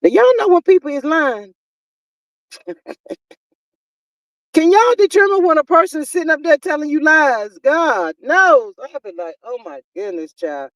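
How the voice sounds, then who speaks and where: A woman's voice: high-pitched, animated, no echo, far from the mic, rough recording. A woman, chatting casually and exasperatedly as a live-stream commentary host. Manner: exasperated, talkative, drawn-out exclamations.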